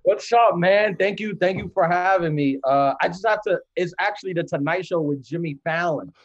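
A man's voice: high voice, normal speed, highs cut off. A man chatting as a comedian guest on a podcast, joking and laughing easily. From United States. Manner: joking, self-deprecating, laughs often. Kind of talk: casual podcast chat.

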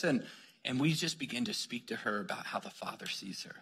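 Energetic preacher in a reverberant hall, bright and husky. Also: male voice, mid-range voice, a little fast. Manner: energetic, calls "come on" to the crowd. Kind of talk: sermon storytelling.

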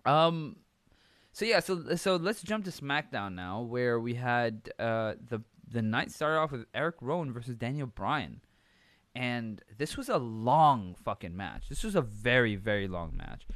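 A man's voice: medium pitch, lively intonation, a little slow, fairly bright tone, no room sound. A man hosting a podcast alone, rambling casually with lots of fillers and some swearing. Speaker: podcast host. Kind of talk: casual solo commentary.

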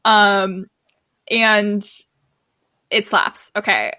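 A young woman co-hosting a podcast, recapping an episode in an enthusiastic, excitable casual chat. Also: medium pitch, drawn-out words. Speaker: podcast co-host.

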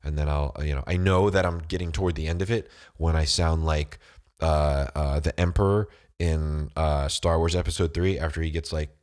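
A man's voice: a bass voice, fairly even intonation, normal speed, a little mellow. A man with a cold, chatting casually to camera in a rambling, slangy way, full of "dude" and "bro". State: has a cold, voice deeper than usual.

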